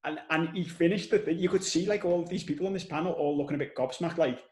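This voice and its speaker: Animated Scouse man in a roomy echo. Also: a little high, quick pace. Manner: animated storyteller, swears casually. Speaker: podcast host. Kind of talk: casual conversational podcast chat.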